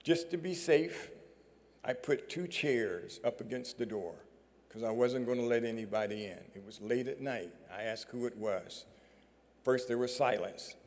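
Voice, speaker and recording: Man, mid-pitched voice, slow measured storytelling, dramatic pauses, stage mic, long hall reverb. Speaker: speaker at an awards ceremony. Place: large performing arts hall.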